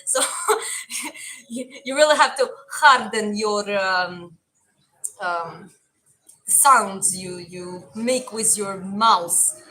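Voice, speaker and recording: A young woman with a mild Eastern European accent chats casually with viewers, answering their comments as she goes. Her voice is bright and clear at a middle pitch. A faint hum of noise sits behind her. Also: very slow, long pauses, low-quality recording. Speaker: livestream host and boxing coach.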